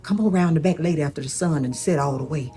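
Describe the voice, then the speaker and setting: A drawling gossip, played by a woman in a period comedy skit. She sounds low and dark, with a folksy, scolding way of talking. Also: fast, soft background music, natural voice.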